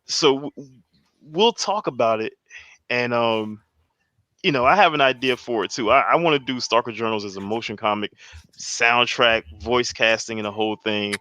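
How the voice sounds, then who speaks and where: A man's voice: mid-range voice, moderate pace, bright, forceful tone, no room sound. A man speaking as a podcast guest over a video call, rambling with many restarts. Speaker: guest comic creator.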